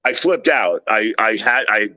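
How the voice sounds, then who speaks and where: A man on a talk panel telling a personal story in a casual, animated way, with many halting restarts and loud acted-out quotes. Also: on the low side, highs cut off. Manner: animated, loud when acting out scenes. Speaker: panel guest.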